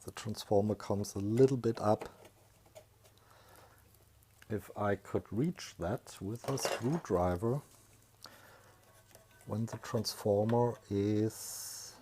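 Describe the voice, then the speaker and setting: A man talking through a workshop repair project, thinking aloud in a hesitant, low-key way with many pauses and fillers. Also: mellow, slight background noise. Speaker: electronics hobbyist. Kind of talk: workshop voice-over talk.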